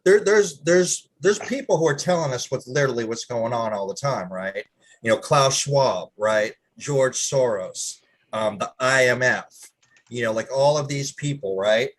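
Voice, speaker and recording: A man's voice: medium pitch, lively intonation, a little slow. Eager man, tag-question habit. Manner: eager, keeps asking "right?". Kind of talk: casual political chat.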